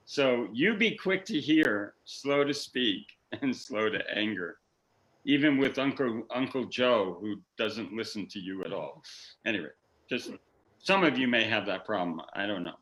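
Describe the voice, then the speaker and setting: A man's voice: lowish voice, animated, measured pace, a bit bright, rough recording. A man who works as a counselor, teaching a workshop in a folksy, joking way and acting out quoted lines. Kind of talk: teaching seminar talk.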